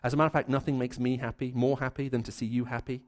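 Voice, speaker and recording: A man's voice: mid-range voice, little pitch movement, very fast, darkish tone. Male preacher, conversational storytelling delivery, restarts and fillers, mid-range voice. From raised in the Middle East. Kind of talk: sermon.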